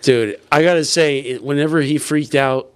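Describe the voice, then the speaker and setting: A man with a somewhat high voice tells a wild story in a loose, casual way. He stumbles over words, restarts often and swears freely as he goes. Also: normal speed, clean tone. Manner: rambling with many restarts and swearing. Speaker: comedian guest.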